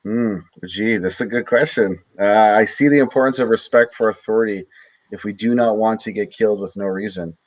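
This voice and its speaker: Low-voiced man hosting a podcast. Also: fairly quick, no room sound, low-quality recording. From Canada. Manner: loose and conversational, many "you know" and "like" fillers. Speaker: podcast host. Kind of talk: casual podcast interview.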